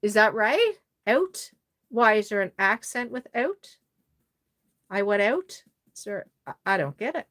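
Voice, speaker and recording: A woman's voice: mid-range voice, very animated, normal speed, fairly bright tone. A woman with a Cape Breton Maritime Canadian accent, hosting a casual livestream and chatting effusively with viewers while she works. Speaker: doll-making livestream host.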